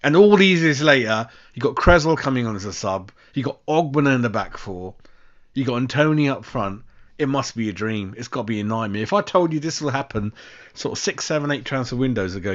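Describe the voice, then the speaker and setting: London bloke ranting on a fan stream, swears a lot, says mate every line, kinda muffled lo-fi sound. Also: male voice, mid-range voice. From West London. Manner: sweary, exasperated, keeps saying "mate". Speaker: fan channel host. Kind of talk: casual live-stream rant.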